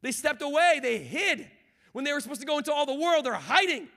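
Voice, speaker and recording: A man preaching a sermon as a guest pastor, talking in a loose, conversational way with repeated words and restarts that climbs into passionate shouting. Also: very high voice, lively intonation, fairly quick.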